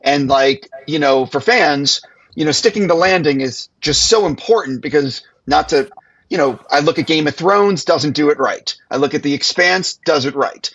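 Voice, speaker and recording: A man's voice: a little high, moderate pace, creaky, a bit bright, breathy edge. A man hosting a live panel Q&A, asking long, winding questions over a video call. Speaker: Q&A host. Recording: dull lo-fi call audio.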